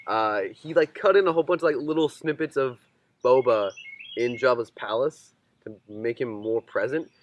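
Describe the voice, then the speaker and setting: A man co-hosting a casual chat, relaxed and rambling with lots of fillers. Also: medium pitch, normal speed, highs cut off, slight background noise.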